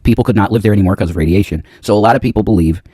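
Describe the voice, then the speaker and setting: A man's voice: lowish voice, very fast, warm tone, breathy edge, no echo. A man in his forties co-hosting a casual chat, laid-back and explaining things with a slight mumble. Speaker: podcast co-host. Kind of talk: casual chat reacting to a video.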